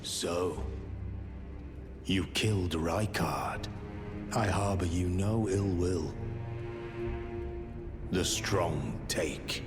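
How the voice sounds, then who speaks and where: A man's voice: deep voice, very slow, pauses often. An actor voicing a stern male zealot in a video game, speaking in a formal, archaic and grim way. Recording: game audio with loud music.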